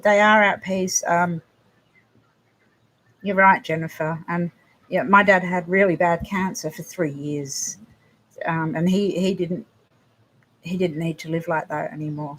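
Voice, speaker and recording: A woman with a lowish voice hosts a casual livestream chat, talking straight to her viewers. She speaks softly and haltingly, often restarting her sentences, and her talk stays close to emotion. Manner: emotional, halting, soft-spoken with frequent restarts. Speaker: livestream host.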